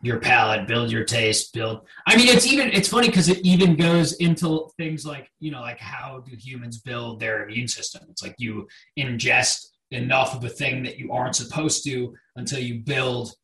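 A young man in his twenties co-hosting a podcast, swearing freely and running off on quick tangents. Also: medium pitch, sharp tone, far from the mic. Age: 20s. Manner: profane, rapid tangents. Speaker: podcast co-host. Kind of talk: casual chat. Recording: roomy, a bit off-mic.

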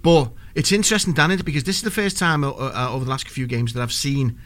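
Fast-talking man telling a story. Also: mid-range voice, fairly bright tone. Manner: rambling anecdotal storyteller, many restarts. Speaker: podcast co-host. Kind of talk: casual football chat.

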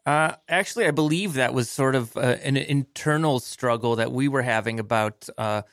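A man playing a deadpan TV creator. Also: mid-range voice, moderate pace, no echo, natural voice. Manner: deadpan, dry. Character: deadpan male TV writer-creator, middle-aged. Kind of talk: improv comedy on the radio. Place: radio studio.

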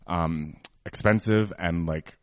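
A man with a deep voice talks casually in a relaxed chat. He speaks with frequent "um"s and "like"s as he gives his opinions. The recording is dry and close, with no room sound. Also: slow, no room sound. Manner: chatty, opinionated, many fillers. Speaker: podcast co-host.

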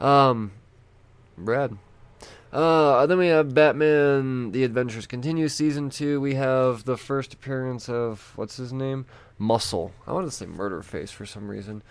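A man with a gravelly, creaky voice chats loosely about new releases. He rambles, swears casually and thinks aloud. The sound is close and dry, with no room around it. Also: mid-range voice, unhurried, no echo. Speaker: comic book vlogger. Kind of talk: casual chat.

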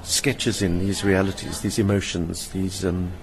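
A crowd can be heard behind this older South African man, who speaks with a low, flat delivery at a measured pace. Being interviewed in a hotel lounge, the stage performer relates personal stories vividly and voices the people he quotes.

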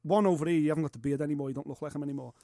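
A man's voice: on the high side, steady tone, racing, vocal fry, mellow, no echo, clean studio sound. A man hosting a podcast, matey and encouraging, swearing casually as he talks. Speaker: podcast host.

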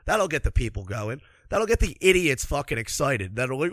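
A man's voice: medium pitch, sing-song, normal speed, fairly bright tone, no echo. A man ranting angrily about hockey, sarcastic and swearing constantly, a little congested from allergies. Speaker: hockey commentator. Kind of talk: profane ranting sports commentary.

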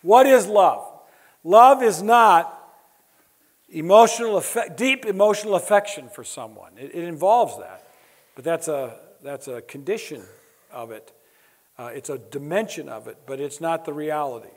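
A man's voice: fairly high pitch, animated, moderate pace, a little mellow. A man preaching a sermon, emphatic and building his points through repetition, with wry asides to the audience. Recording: long hall reverb.

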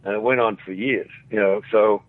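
A man's voice: fairly low pitch, steady tone, normal speed. An older man from Australia with an Australian accent, telling rambling anecdotes as an interview guest and acting out quoted voices. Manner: rambling, chuckling, acts out quotes. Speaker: interview guest, former actor. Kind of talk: anecdotal storytelling. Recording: phone-like radio line.

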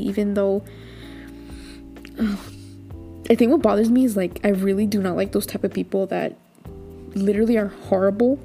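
A woman hosting a podcast, recapping a drama in a chatty, animated way with lots of fillers and little outbursts. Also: medium pitch, gravelly. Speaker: podcast host.

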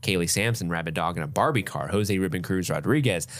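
A man's voice: low-pitched, quick pace. A man co-hosting a podcast in casual chat, reading a list of names and laughing often. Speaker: podcast co-host.

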